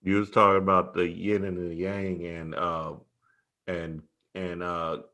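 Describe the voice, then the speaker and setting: A man hosts a relaxed talk. He affirms his guests often and laughs easily. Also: deep voice, unhurried. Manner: affirming, laughs, casual African American speech. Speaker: host. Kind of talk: casual talk show chat.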